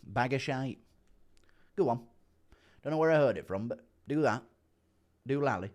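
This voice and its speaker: A man talks casually into a streaming mic, reacting to his chat in a relaxed, easygoing way. He chuckles often and reads messages aloud. His voice sits at an ordinary pitch. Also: normal speed.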